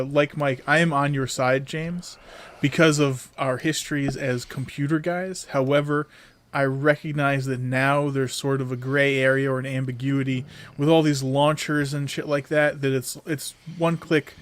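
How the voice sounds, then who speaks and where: Male co-host, measured and wry, mid-pitched conversational voice. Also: slight background noise. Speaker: podcast co-host. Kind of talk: casual chat.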